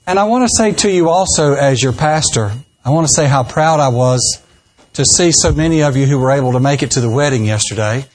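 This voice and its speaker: A man's voice: mid-range voice, expressive, a little fast. A man, a pastor telling jokes and folksy stories in a sermon. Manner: folksy, joking, acts out quoted voices. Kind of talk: humorous sermon storytelling.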